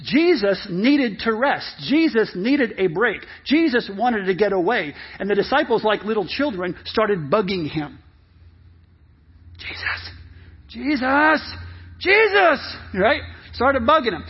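A male pastor with a very high, husky voice, preaching with animated, emphatic storytelling. The recording is muffled and lo-fi. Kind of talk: lively sermon.

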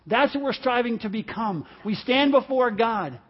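A man in his fifties preaching a sermon to a church congregation, impassioned and swinging from hushed lines to shouting. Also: very high voice, animated, moderate pace. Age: 50s. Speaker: pastor. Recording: dull lo-fi sermon recording.

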